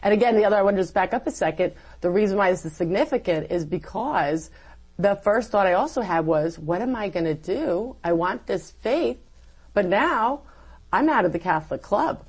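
A woman giving a personal faith testimony as an interview guest, telling her story in an animated way and acting out her own past words. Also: medium pitch, moderate pace, husky, poor audio.

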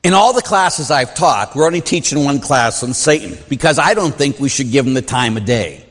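Animated priest in a reverberant hall. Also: male voice, medium pitch, normal speed. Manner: animated, acts out quoted voices. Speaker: Catholic priest teaching a class. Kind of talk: informal religious teaching.

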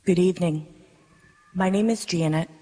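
A woman, a parishioner, reading her personal faith testimony to a congregation in an earnest, measured way. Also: on the low side, mellow, slightly rough. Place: darkened church worship space. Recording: reverberant worship space.

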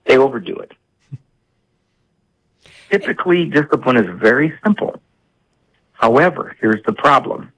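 A man in his sixties, a psychologist and author, talking as a guest on a radio interview and telling stories with lively voices for parents and kids. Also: mid-range voice, unhurried, pauses often, slightly rough, rough recording. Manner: animated storyteller, acting out parents and kids.

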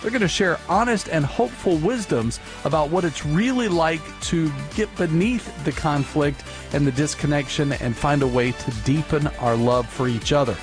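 A male radio host with a slightly high voice reading a scripted segment wrap-up. His delivery is polished and upbeat, and a soft music bed plays underneath. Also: normal speed, few pauses. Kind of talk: scripted show announcement.

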